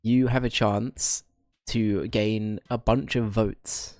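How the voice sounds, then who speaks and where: Congested low-voiced man streaming. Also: steady tone, slow, darkish tone, no echo. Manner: chatty, rambling, addressing chat by name. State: congested, slightly ill. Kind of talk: casual stream chat.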